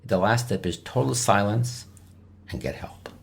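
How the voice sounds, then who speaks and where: Gravelly low-voiced doctor teaching emphatically. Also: male voice, a little slow. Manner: emphatic, acts out patient lines in quotes. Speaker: emergency medicine expert guest. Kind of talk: podcast interview teaching.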